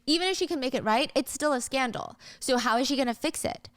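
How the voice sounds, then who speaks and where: A woman giving a casual, gossipy, animated recap of a drama's plot. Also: high-pitched, quick pace, no room sound.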